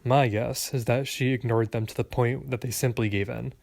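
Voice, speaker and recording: Wry man narrating with a gravelly voice. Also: mid-range voice, steady tone, normal speed, a little mellow. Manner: wry, sarcastic. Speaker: audiobook narrator. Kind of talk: first-person storybook narration.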